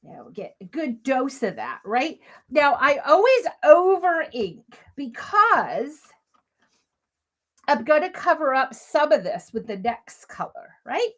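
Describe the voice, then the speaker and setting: A woman's voice: high-pitched, sing-song, slow. A woman hosting a live crafting demo, chatty and gushing, talking straight to her viewers as she works. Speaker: crafting livestream host.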